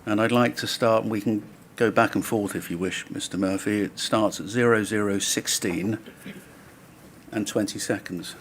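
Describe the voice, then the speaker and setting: A man, counsel at a public inquiry, cross-examining a witness in a measured, probing way. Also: fairly low pitch, steady tone, noisy background. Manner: measured, probing, pressing follow-up questions. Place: public inquiry hearing room.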